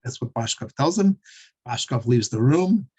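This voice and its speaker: Halting, chuckling male storyteller. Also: mid-range voice, lively intonation, darkish tone, husky, highs cut off. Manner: halting, repeats words, many fillers; chuckles while telling. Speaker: Torah teacher. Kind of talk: storytelling class lecture.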